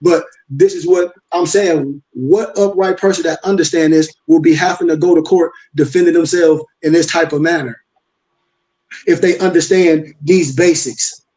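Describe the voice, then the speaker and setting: A man's voice: on the high side, steady tone, normal speed, darkish tone, rough recording. An older man, hosting a casual live-stream discussion, emphatic and preachy, firing rhetorical questions and repeating himself. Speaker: host. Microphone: video call.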